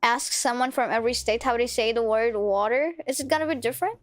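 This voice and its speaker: A woman with a high, bright voice chats playfully with her viewers while playing a game. She giggles and trips over her words as she talks. Faint music plays behind her. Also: fast. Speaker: streamer. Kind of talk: casual game-stream chat.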